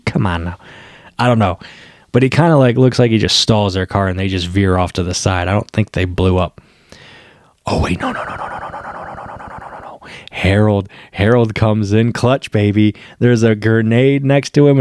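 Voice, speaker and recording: A man talks through a TV episode in a loose, excitable ramble, tossing in slang and the odd curse. His voice sits at an ordinary middle pitch. The sound is dry and close, with no room echo. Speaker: TV episode reviewer. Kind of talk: casual spoken review.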